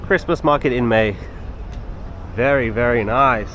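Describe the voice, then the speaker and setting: A man's voice: medium pitch, a little slow, a bit bright, dull audio. Chatty young man vlogging through city streets. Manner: chatty and easygoing, addresses viewers directly. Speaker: travel vlogger. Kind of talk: casual walking vlog narration. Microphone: handheld camera while walking. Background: faint street and traffic noise.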